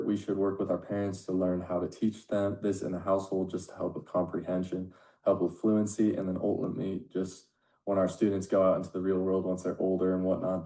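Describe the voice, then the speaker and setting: A man's voice: sits low, warm tone, reverberant. A man presenting on language learning in a loose, rambling way, trailing off as he goes. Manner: loose, rambling, with fillers and restarts. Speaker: student presenter. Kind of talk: loosely read educational presentation.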